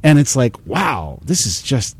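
A man's voice: mid-range voice, sing-song, a little slow, husky, no room sound. A man hosting a casual beer tasting chat, explaining styles in a knowledgeable, rambling way with fillers. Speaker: beer tasting show host.

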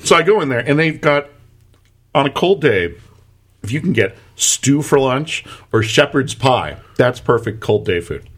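A man's voice: mid-range voice, very animated, measured pace, slightly rough. A man co-hosting a casual talk show, rambling through an anecdote with many restarts. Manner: rambling, restarts often, laughs through stories. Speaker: podcast co-host. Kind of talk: casual chat, storytelling.

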